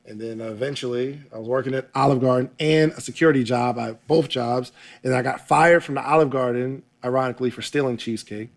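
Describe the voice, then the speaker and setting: A young man telling a story in a casual interview, animated and laughing often as he acts out what people said. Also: mid-range voice, fast. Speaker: podcaster guest.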